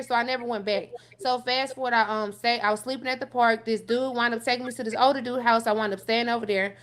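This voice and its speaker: Blunt young woman telling her story fast. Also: on the high side, steady tone, a bit bright. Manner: blunt and profane, repeats "so fast forward". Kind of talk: candid personal storytelling on a call-in show.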